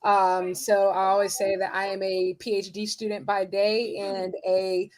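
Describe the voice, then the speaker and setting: A woman's voice: mid-range voice, level tone, a little slow, darkish tone. A woman in her twenties from South Carolina, chatting as a guest with lots of ums. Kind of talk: casual chat.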